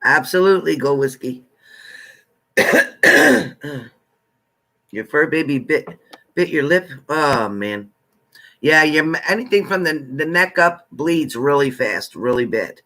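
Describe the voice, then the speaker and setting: A man's voice: a little high, lively intonation, slow pace, long pauses, pushed and bright. A man hosting a live tarot stream, chatting casually and greeting viewers by name with familiar terms like honey.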